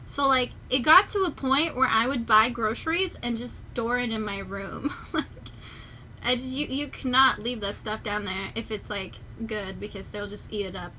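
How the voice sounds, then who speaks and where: A young adult woman streamer chatting casually and rambling in an animated way. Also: fairly high pitch, moderate pace, a little hiss or hum. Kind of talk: casual chat on a livestream.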